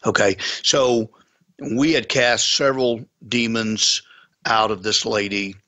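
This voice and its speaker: A man's voice: lowish voice, fairly even intonation, slow pace, sharp tone. A man, a pastor, earnestly telling a story in a conversation, with folksy sayings. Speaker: pastor and guest.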